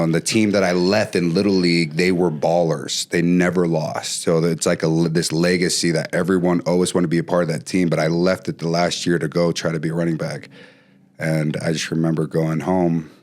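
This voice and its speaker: A man talking as a podcast guest, telling stories casually with lively bursts and frequent restarts. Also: deep voice. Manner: animated, trails off and restarts often. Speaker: podcast guest, former pro football player. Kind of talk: casual storytelling.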